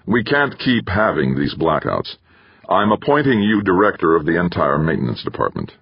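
A man with a deep, creaky, husky voice voicing a smooth, manipulative male administrator in an audiobook, talking in a coaxing, persuasive way. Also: very animated, moderate pace, no room sound, dull audio, full character voice.

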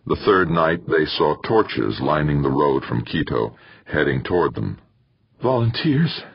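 A man narrating an audiobook in a steady, somber way. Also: rumbling low, unhurried, gravelly, breathy edge, no room sound. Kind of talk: scripted narration. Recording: muffled dry recording.

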